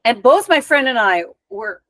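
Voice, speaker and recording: Woman guest recounting an anecdote, chatty and lively, recorded dry and close. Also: fairly high pitch, moderate pace, no room sound. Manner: lively anecdotal telling with conversational asides. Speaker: spiritual teacher and guest. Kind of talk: storytelling in a podcast interview.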